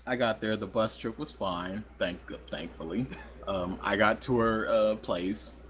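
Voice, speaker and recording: A man's voice: on the low side, measured pace, fairly bright tone. A young man co-hosting a podcast, telling a rambling, self-deprecating story in casual chat. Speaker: podcast co-host.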